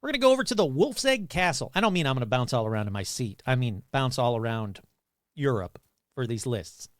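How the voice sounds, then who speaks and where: Casually spinning ghost stories on his podcast, this host throws in crude jokes and side comments for comic effect. He talks briskly and animatedly at a medium pitch, captured in studio quality with no room sound.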